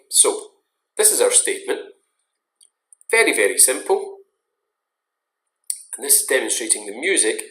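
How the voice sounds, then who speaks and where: A man giving a recorded online lecture in a measured, explanatory way, stressing key words. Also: medium pitch, fairly bright tone. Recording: roomy echo.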